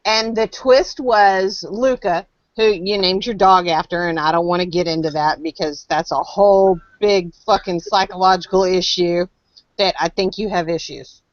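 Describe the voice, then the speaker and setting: A woman's voice: lowish voice, fairly even intonation, moderate pace, no echo. A woman hosting a podcast, chatting casually in a blunt, profane way and laughing often. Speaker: podcast host. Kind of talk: casual interview chat. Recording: dry, dull lo-fi podcast audio.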